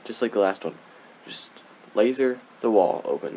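A man's voice: on the low side, lively intonation, normal speed, darkish tone. A young man giving casual, rambling gameplay commentary, giggling often and tossing in sarcastic asides. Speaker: let's play gamer.

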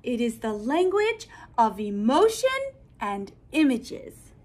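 A woman's voice: a little high, big pitch swings, takes it slowly, a little mellow, full character voice. Woman reading as a passionate graceful art teacher.

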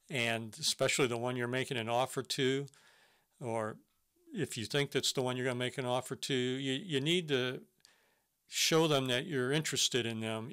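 A man's voice: mid-range voice, fairly bright tone, clean tone. A man presenting a business webinar, giving earnest step-by-step advice on hiring with some fillers and restarts. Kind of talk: instructional webinar talk.

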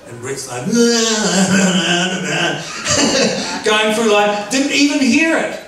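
A man preaching a sermon to his church, animated and often laughing, calling out for amens. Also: high voice, moderate pace, over music. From New Zealand. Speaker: pastor. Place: church hall. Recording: very echoey hall, voice from far off. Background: congregation answering.

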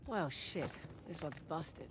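An actress voicing a quick-witted female treasure hunter in a video game, wry and brisk, muttering to herself as she works. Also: low voice, expressive. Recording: game audio under loud game noise.

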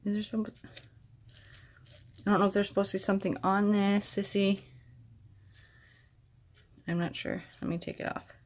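A woman vlogger casually chatting as she unboxes craft mail, gushing with gasps of delight and talking softly to her friend. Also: mid-range voice, level tone, moderate pace, long pauses. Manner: soft-spoken, addresses her friend directly.

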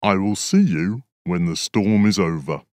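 A man voicing a big, powerful, selfish male bear in a children's storybook, with a slow, heavy, menacing delivery. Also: sits low, a little mellow, dry recording, studio quality. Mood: dismissive.

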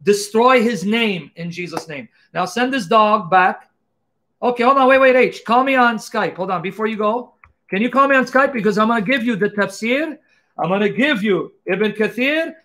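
High-voiced taunting male debate host. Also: expressive, moderate pace. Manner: taunting, mocking and loud. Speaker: host of a live call-in debate stream. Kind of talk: combative live-stream debate.

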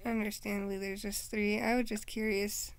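A woman's voice: mid-range voice, flat delivery, moderate pace, clear, resonant tone, no echo, natural voice. Woman playing a curt afterlife gatekeeper. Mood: dismissive. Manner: dismissive, clipped verdicts, sometimes whispered. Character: curt gatekeeper judging who enters the afterlife.

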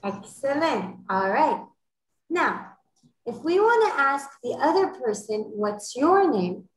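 A woman teaching an online French class to children, encouraging them and modeling phrases slowly and clearly over a video call. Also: high-pitched, very animated, echoey room, rough recording.

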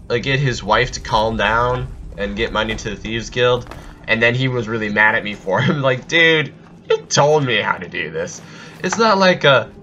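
A man's voice: medium pitch, pushed and bright, muffled recording. A man giving goofy, rambling let's play commentary with sudden outbursts while he plays. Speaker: gameplay commentator.

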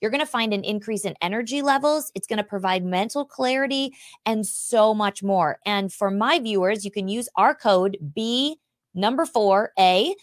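A woman's voice: mid-range voice, no echo. Woman, talk show host, bubbly, effusive, casual interview chat, dry sound. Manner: bubbly and effusive, quick to laugh.

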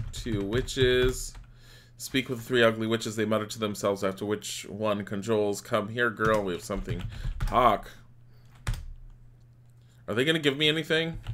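A man on a live game stream reads each line of on-screen text aloud, then mutters the next command. His voice sits a little low but sounds bright and forward. Faint keyboard typing and a little hiss sit underneath.

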